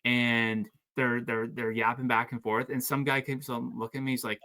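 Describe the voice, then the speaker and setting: A man hosts a casual podcast, telling anecdotes in an animated way with frequent restarts. His pitch sits in the middle of the usual male range. He sounds relaxed and conversational. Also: moderate pace. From Canada. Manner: storytelling, animated, stumbling restarts. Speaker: podcast host.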